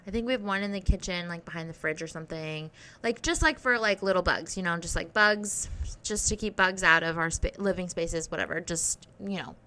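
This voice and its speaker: A young woman talking casually to camera in a rambling, sweary, animated way. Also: lowish voice, clean tone. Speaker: vlogger.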